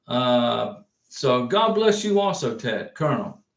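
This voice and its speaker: This man's voice is mid-range and very animated, moving slowly with vocal fry in an echoey room. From the United States, he hosts a livestream offering visa advice, chatting casually, answering viewer comments, rambling, and emphatically restating his points.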